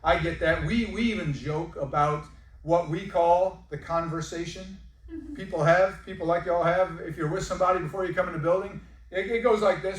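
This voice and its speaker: A man's voice: sits high, moderate pace. Folksy salesman in an echoey room. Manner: folksy, joking, uses y'all. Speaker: timeshare sales presenter. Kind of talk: sales pitch to a live audience. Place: presentation room. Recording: echoey room, mic at a distance.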